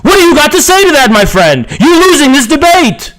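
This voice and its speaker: A man's voice: very high voice, very animated, a little fast, fairly bright tone, low-quality recording. A man streaming a heated live debate, taunting his opponent in an aggressive voice, repeating phrases and swearing constantly. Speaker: political streamer.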